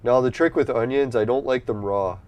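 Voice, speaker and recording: Playing an online game on stream, a man offers loose, easygoing commentary, cursing freely as he rambles. His voice is medium-pitched and darkish at a moderate pace, a bit stuffy-nosed from allergies.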